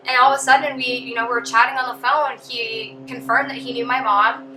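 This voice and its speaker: A woman's voice: fairly high pitch, steady tone, normal speed, roomy sound, over music, rough recording. A young woman casually telling a personal story as a vlogger, chatty with lots of ums and you knows.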